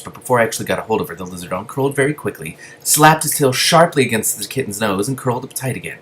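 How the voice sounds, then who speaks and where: A man with a fairly low voice reads a novel aloud, now and then breaking into soft, gushing commentary. A faint ambience hums behind him. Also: lively intonation, quick pace, few pauses, a little hiss or hum. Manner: gushing asides between reading. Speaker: reader.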